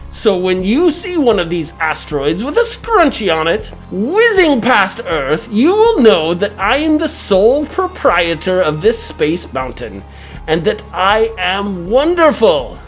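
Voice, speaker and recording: A man's voice: sits high, a bit bright. A man delivering an absurd, grandiose comedic character monologue in a boastful, theatrical manner. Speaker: comedic vlogger.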